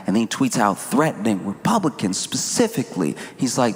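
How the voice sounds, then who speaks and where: A man doing stand-up comedy as host, animated and incredulous, swinging between shouts and mutters. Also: mid-range voice, brisk, hardly any pauses, slight background noise. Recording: roomy hall with audible ambience.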